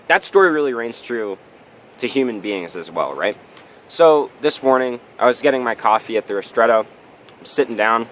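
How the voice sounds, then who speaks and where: A man's voice: mid-range voice, fairly bright tone, slight background noise. A man giving a motivational vlog talk, telling a story and often checking in with tag questions. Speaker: vlogger.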